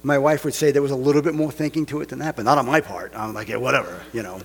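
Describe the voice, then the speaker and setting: A man's voice: medium pitch, racing, husky, long reverb tail. A man preaching a casual sermon, full of rhetorical questions and joking asides. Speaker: pastor.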